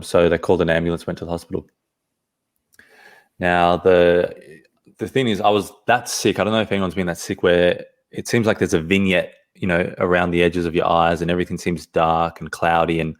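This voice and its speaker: A man, a podcast guest, telling a personal story in an earnest, halting way, often restarting his phrases. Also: sits low.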